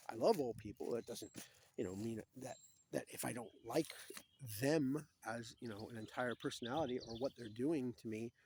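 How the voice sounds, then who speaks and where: A man talking alone to the camera in a rambling, digressive monologue, drifting between topics and jokes and acting out quoted voices in a much higher pitch. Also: breathy edge.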